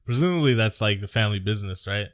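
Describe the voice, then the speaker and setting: A man's voice: fairly low pitch, lively intonation, quick pace, no room sound, clean studio sound. An American man co-hosting a podcast, chatting casually and crudely about a movie with jokes. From United States. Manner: laid-back, crude, joking. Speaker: podcast co-host. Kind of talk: casual movie-review chat.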